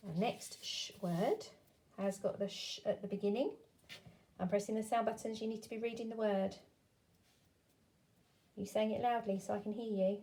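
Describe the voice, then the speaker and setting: A woman teaching a phonics lesson to young children, sounding out words slowly and clearly and encouraging them to join in. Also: medium pitch, fairly even intonation, mellow.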